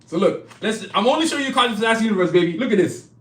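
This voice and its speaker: A man hosting a live stream, pitching his own comic art and merch in a hyped, casual way, repeating himself and talking straight to viewers. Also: lively intonation, rapid-fire, roomy sound. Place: indoor studio, clothing hanging behind him.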